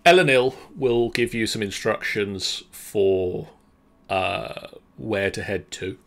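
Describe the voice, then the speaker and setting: Man, game master, low voice, unhurried, dry. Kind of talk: narrating a tabletop game.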